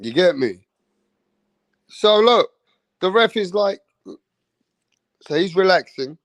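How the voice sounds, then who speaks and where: Brief: higher-voiced male live-stream fight commentator, mocking and profane, dry close mic. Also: slow, no echo. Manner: animated, profane, mocking, street slang. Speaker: boxing commentator.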